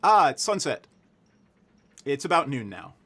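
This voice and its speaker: A man's voice: medium pitch, very animated, a little slow, a bit bright, slightly rough, exaggerated voice. A man voicing a friendly, eager-to-please female deputy of a small frontier town in a tabletop game.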